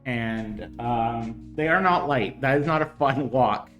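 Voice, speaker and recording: A man walks through chemistry problems on a casual stream, drifting into chatty asides and stumbling over fillers as he thinks aloud. His voice sits in a middling range and rings in a roomy space. Soft guitar music plays faintly underneath. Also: mid-range voice, takes it slowly, lo-fi sound. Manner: rambling, hesitant with many fillers, chatty asides. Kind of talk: casual livestream lesson.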